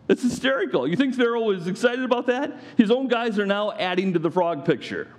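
Animated preacher man. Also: sits high, brisk, hardly any pauses. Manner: animated, playful, acts out scripture with mock voices. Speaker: pastor. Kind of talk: sermon.

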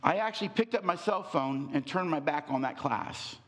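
A man giving a motivational talk on relationships, telling a story with rhetorical questions and deliberate pauses. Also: on the high side, animated, a bit bright. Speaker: speaker on relationships.

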